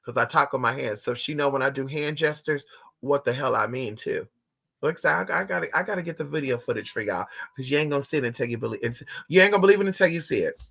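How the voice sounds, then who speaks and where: A man casually telling a story to his viewers, animated and profane, calling them honey and girl. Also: medium pitch, creaky. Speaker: vlogger.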